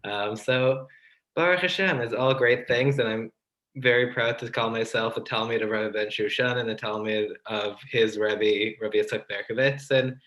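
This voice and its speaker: Low flat-voiced host giving thanks. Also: male voice, low-quality recording. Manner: grateful, halting with fillers. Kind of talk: closing thanks on a livestream.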